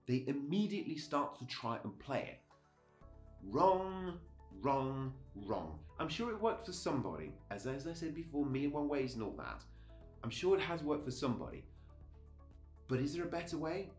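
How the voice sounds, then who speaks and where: A man's voice: on the high side, very animated, brisk. Chatty middle-aged man teaching music. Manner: chatty, upbeat, self-interrupting. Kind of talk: casual video lesson. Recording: echoey room with faint background music.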